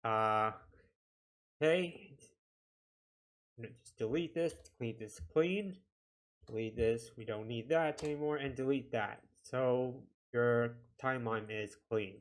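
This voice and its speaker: A man giving a casual software tutorial, talking himself through each click with a chatty, self-deprecating manner. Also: medium pitch, takes it slowly. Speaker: video editing instructor.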